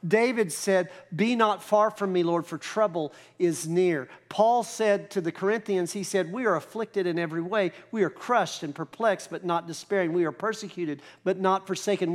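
A man preaching a sermon as pastor, explaining scripture in a conversational, emphatic way. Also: high-pitched. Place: church.

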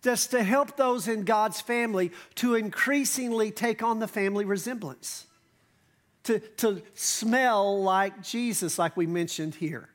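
High-voiced pastor preaching casually. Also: male voice. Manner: conversational preaching with asides and emphatic slowdowns. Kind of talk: sermon. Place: church stage.

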